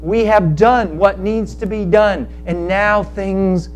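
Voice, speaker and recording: A man preaching a sermon, telling a parable in animated storytelling style and acting out the characters in quick asides. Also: high voice, faint music behind. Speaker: pastor.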